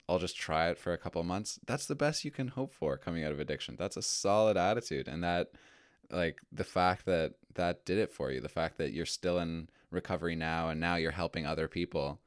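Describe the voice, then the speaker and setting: A man's voice: low voice, no room sound, clean studio sound. A man hosting a podcast interview, asking questions and affirming his guest. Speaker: podcast host.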